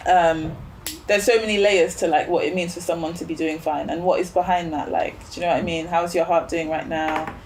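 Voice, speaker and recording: A woman's voice: lowish voice, fairly even intonation, brisk, a little hiss or hum. A woman as a podcast guest in casual chat, reflective, thinking aloud with fillers and rhetorical questions.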